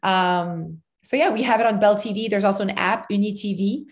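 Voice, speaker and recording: A woman in her thirties tells a long story in a loose, rambling way, full of "like" and "um". She keeps slipping into brief quoted voices, and her pitch sits in an ordinary middle range. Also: a little fast. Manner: rambling, filler-heavy storytelling with acted-out quotes. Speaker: podcast co-host, mother of a child actor. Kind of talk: casual chat.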